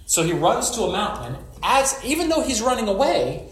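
A man preaches in a relaxed, conversational way, turning scripture into stories with wisecracks and asides. His voice sits slightly high and swings widely in pitch. The sound carries a roomy echo. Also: brisk. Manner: joking, storytelling asides. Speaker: pastor. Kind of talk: conversational sermon.

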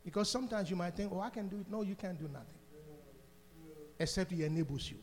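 A man's voice: high voice, quick pace, in a large hall. Older African-accented man giving church testimony. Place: church sanctuary.

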